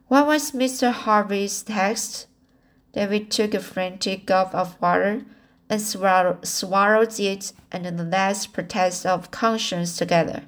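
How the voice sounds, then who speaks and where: A woman's voice: medium pitch, steady tone, unhurried. A woman reading a novel aloud as an amateur audiobook narrator, restarting lines after slips. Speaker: audiobook reader.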